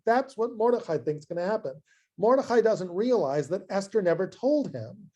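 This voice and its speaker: Brief: male rabbi lecturing, lively and chatty, warm voice sitting a bit high. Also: moderate pace. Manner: animated, conversational, acts out scenes. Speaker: rabbi and teacher. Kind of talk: adult education lecture.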